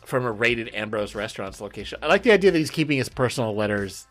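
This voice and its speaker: A man's voice: mid-range voice, lively intonation, fast talker, soft background music. A man hosting a podcast, chatting casually and laughing, swearing now and then. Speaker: podcast host. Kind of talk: casual chat.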